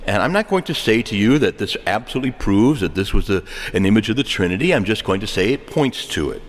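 A man preaching a sermon, animated and joking, asking rhetorical questions to his listeners. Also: mid-range voice. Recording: long echo of a large hall.

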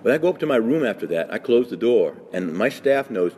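A man's voice: medium pitch, very animated, brisk, hardly any pauses, mellow, a little hiss or hum. A man, a priest, giving an earnest, emphatic and conversational talk to fellow priests, with many asides. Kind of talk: spoken retreat talk. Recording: echoey hall with faint ambience.

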